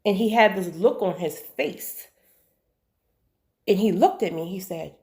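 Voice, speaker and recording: A woman telling a personal story to her viewers, chatty and animated, with asides and faith talk. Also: medium pitch, measured pace, long pauses. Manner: faith-based talk of God and spirits. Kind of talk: casual storytelling.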